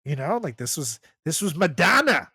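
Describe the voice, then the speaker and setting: A man's voice: a little high, sing-song, normal speed, bright, forceful tone, husky, no room sound. A man in his thirties co-hosting a comedy podcast, riffing in a profane, laughing, casual way. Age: 30s. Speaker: podcast co-host.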